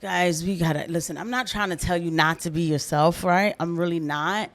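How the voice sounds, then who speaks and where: A woman hosting casual reaction commentary, animated and slangy, laughing through her asides. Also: on the low side, normal speed. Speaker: commentary host.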